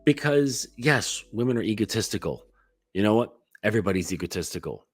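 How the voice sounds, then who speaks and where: A man's voice: lowish voice, lively intonation, a little fast, husky, no room sound, faint music behind. Blunt, profane male dating coach. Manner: blunt, profane, heavy use of "like". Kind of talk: casual coaching monologue.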